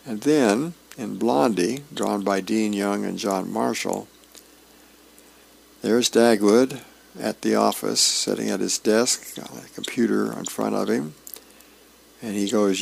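Gravelly man describing comic strips aloud. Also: on the low side. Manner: describes each panel, frequent "uh" pauses. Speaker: radio reader of newspaper features. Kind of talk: reading comics aloud on radio.

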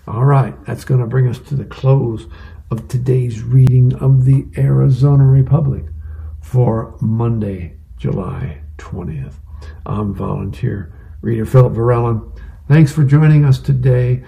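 A man volunteering as a reader, working through newspaper advice columns and describing comic strips aloud. His voice is gravelly and mellow, and he keeps a relaxed, conversational delivery. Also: medium pitch, a little slow, highs cut off.

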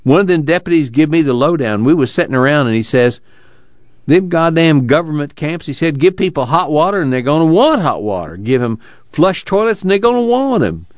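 A man's voice: fairly high pitch, sing-song, fairly quick, no room sound, pitched above the performer's own voice. A man voicing a stout, indignant camp worker telling tales in a cussing rural drawl. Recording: dull lo-fi dry recording.

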